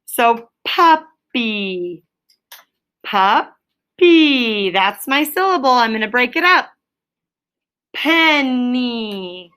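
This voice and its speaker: Bright-voiced woman teaching phonics. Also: fairly high pitch, lively intonation. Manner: clear, drawn-out word sounding. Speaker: third grade teacher. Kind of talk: classroom phonics lesson. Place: classroom.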